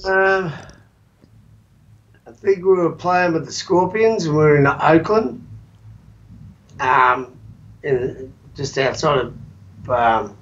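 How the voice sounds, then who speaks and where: Australian musician, swearing, dull recording. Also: male voice, fairly high pitch. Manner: animated anecdote teller, swears freely. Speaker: guest musician. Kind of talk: casual podcast chat.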